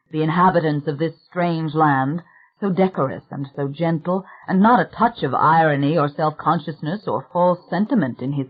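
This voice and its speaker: A narrator reads a suspense novel in a measured, even manner, the voice pitched mid-range. The recording is thin and tinny, close to a phone line. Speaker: audiobook narrator. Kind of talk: scripted narration.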